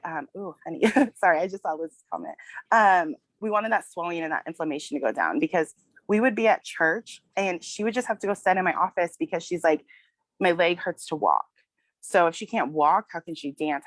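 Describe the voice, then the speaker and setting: Emotional mother telling a halting story. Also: lowish voice, dry recording. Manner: tearful, apologetic, halting. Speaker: guest sharing a testimonial.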